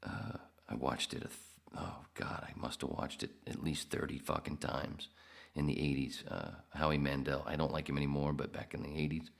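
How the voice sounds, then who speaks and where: Deep-voiced, crude joking man. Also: brisk, vocal fry. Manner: crude, joking, self-mocking. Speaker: podcast host. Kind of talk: solo livestream chat reading.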